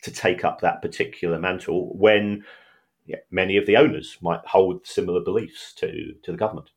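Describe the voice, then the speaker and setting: Very low-voiced man, measured and hesitant, lots of uhs, podcast chat. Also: steady tone, slightly rough. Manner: measured, hesitant, many fillers. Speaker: podcast co-host, finance expert. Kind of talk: casual chat.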